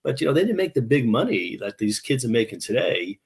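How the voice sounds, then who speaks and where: This middle-aged man from New York speaks at a medium pitch with wide swings, a slightly fast pace and a breathy edge. Appearing as a guest on a video call, he spins casual, chatty stories full of restarts and mimics their characters.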